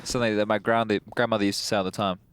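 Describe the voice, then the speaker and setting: A man's voice: lowish voice, little pitch movement, racing, fairly bright tone, clean tone. A man, commentating a live esports match and steering joking banter with his co-casters.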